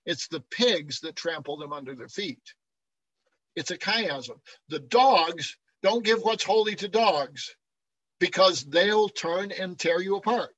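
A man's voice: sits high, animated, slow pace, fairly bright tone, dry recording, lo-fi sound. A man giving a classroom lecture on Bible translation, often checking in with the class and chuckling as he explains.

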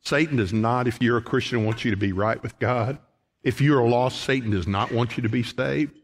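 A middle-aged man preaching a sermon in a church, folksy, calling the congregation folks, swinging from shouted lines to quiet ones. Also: medium pitch, moderate pace, slight background noise. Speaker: pastor. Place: church sanctuary.

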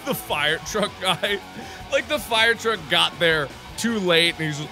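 A man in his twenties doing excitable let's play commentary, joking, yelling and laughing over a game. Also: high voice, a little slow, loud music behind the voice. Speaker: gaming YouTuber.

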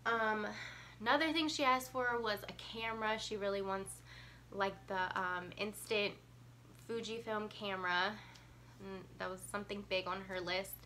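Congested, breathless young mom vlogger. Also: female voice, mid-range voice, steady tone, moderate pace, pushed and bright, a little hiss or hum. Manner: chatty, lots of ums and likes. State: congested, getting over a cold. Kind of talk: casual chat to camera.

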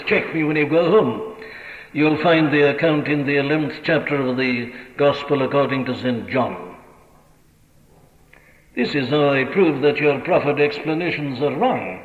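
A man with a Welsh accent preaching a sermon, questioning his congregation rhetorically. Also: fairly high pitch. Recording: old lo-fi radio recording in a reverberant hall.

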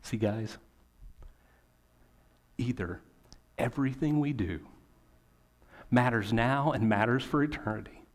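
A man, a pastor, preaching a sermon in a conversational way, with rhetorical questions and emphatic pauses. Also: medium pitch.

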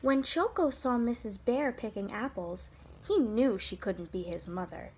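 A woman's voice: a little high, expressive, a little slow, darkish tone, slight background noise. Sing-song woman teacher reading aloud. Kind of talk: reading a picture book aloud to children.

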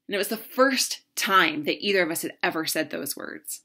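A woman's voice: on the low side, animated, normal speed, sharp tone. A woman in her thirties, a relationship coach, telling a personal story straight to her viewers in an earnest, heartfelt way. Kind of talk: personal story talk to camera.

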